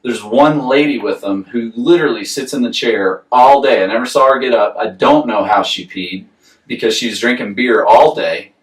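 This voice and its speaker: A man from the Southern United States, with a Southern American accent and a mid-range voice at normal speed, co-hosts a casual podcast. He tells a rambling story with frequent laughs, recorded far from the mic in a roomy, echoey space.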